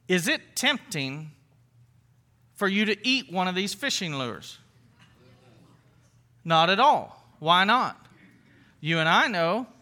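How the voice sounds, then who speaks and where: A man with a high, bright voice gives a casual, conversational sermon as a pastor. He talks earnestly, repeats and restarts phrases, and uses light everyday examples.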